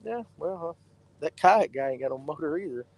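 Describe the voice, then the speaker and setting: A man's voice: on the high side, animated, brisk, darkish tone, low-quality recording. A man, joking and bantering casually while fishing from a boat on a lake. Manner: joking, drawling banter with a friend. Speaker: fishing video host.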